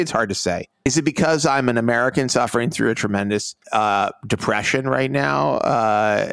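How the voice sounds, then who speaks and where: A man's voice: medium pitch, a bit bright, no room sound. A man co-hosting a casual podcast chat, rambling and sarcastic, dropping mocking impressions into his talk. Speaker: editor and co-host.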